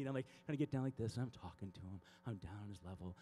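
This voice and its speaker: A man speaking at a youth conference, telling comic stories and acting out scenes in an animated way. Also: fairly low pitch, racing, hardly any pauses.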